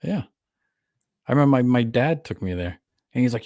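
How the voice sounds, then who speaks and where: A man co-hosting a casual movie review podcast, retelling scenes with animated, laughing energy. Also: mid-range voice, quick pace, long pauses, no echo, studio quality. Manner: animated storyteller, laughs at his own retellings. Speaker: podcast co-host. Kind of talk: casual film review chat.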